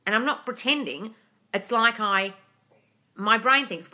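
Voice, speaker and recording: A woman's voice: a little high, animated, a little slow, long pauses, bright, forceful tone. A young woman hosting a casual live Q&A, answering viewer comments bluntly, swearing freely and calling people darling. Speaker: manifesting coach and livestream host.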